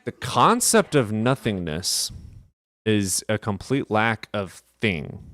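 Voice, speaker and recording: A man streamer in casual livestream chat, reading and answering chat questions in a rapid, profane, offhand way. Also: lowish voice, sing-song, a bit bright, dry recording.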